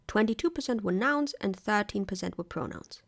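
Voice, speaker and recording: A woman's voice: medium pitch, lively intonation, a little fast, gravelly. A woman narrating a scripted video essay, analytical and wry.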